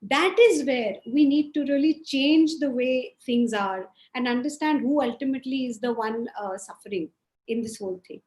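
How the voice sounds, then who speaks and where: A woman from India speaking firmly as a panelist in an online discussion, often pausing with "uh". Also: high voice, darkish tone. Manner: firm, with frequent hesitations. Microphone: video call. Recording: echoey room.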